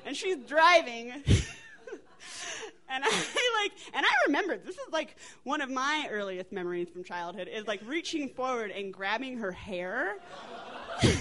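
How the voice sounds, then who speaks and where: A woman in her twenties with an American accent, telling a funny family story on stage in a chatty, animated way, laughing and swearing as she goes. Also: on the high side. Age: 20s.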